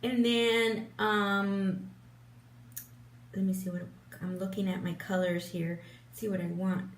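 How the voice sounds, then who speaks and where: Older woman rambling slowly in a roomy space. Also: medium pitch, flat delivery. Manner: rambling and chatty, many fillers and restarts, laughs often. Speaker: beauty vlogger. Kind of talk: casual chat while doing makeup. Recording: roomy, distant mic, faint hum.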